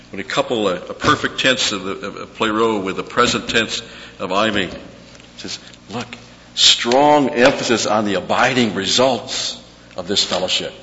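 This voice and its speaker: A man preaching a verse-by-verse sermon, repeating key words slowly for emphasis. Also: on the low side, pushed and bright. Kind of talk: expository sermon on scripture. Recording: dull echoey hall with faint hum.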